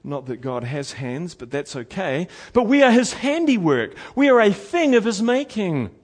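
Middle-aged pastor guy preaching, earnest, drags out the big words, pretty high voice. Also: big pitch swings, slightly rough. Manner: earnest, slows down to stress key words. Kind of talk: sermon.

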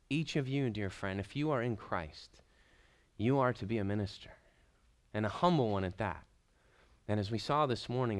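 Guy preaching a sermon, smooth clear voice, slows way down to hit the big points then goes soft again. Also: fairly low pitch. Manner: rises to emphatic slow stresses, then drops soft. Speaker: pastor.

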